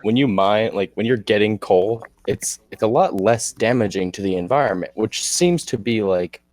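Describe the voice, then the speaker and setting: A man's voice: lowish voice, normal speed, a little mellow, no echo. A man co-hosting a podcast in casual chat, joking and teasing his co-host.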